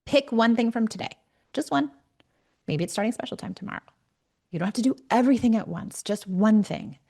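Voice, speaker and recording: A woman's voice: a little high, animated, a little fast, vocal fry, a little mellow. A middle-aged woman hosting a parenting podcast, talking earnestly and directly and sometimes restarting her words. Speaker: parenting coach and podcast host. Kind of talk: solo podcast talk.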